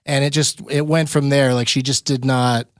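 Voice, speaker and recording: A man's voice: medium pitch, little pitch movement, moderate pace, no echo, clean studio sound. A man hosting a podcast, telling stories in a wry, joking way and laughing often. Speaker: podcast host. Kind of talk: casual interview chat.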